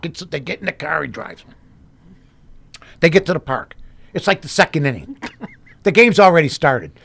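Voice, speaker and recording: A man's voice: on the high side, fairly bright tone. A man from Chicago, a guest in a casual chat, telling rambling stories full of "you know, I mean" asides.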